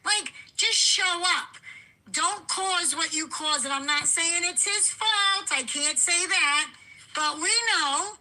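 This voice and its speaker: Woman, Fall River Massachusetts accent, high bright voice, rambling, emphatic caller. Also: slow, poor audio. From Massachusetts, USA. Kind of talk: casual call-in chat.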